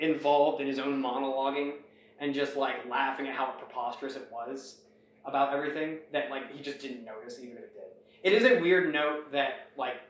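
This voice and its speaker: A man casually retelling a story, rambling along and acting out the characters' lines. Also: on the high side. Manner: rambling, animated retelling with acted-out quotes. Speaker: host. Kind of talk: casual plot recap. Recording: echoey room, far from the mic.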